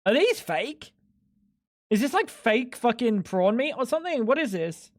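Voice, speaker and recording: High-voiced man streaming. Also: big pitch swings, moderate pace, no echo, clean studio sound. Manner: rambling and sweary, full of "like". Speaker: live streamer. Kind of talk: casual chat while gaming.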